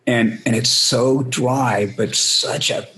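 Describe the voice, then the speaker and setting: Speaking slowly with a steady, sharp-toned medium pitch, a band frontman spins rambling stories during a casual interview. He curses without restraint and performs other people's lines in their voices. It's a low-quality recording.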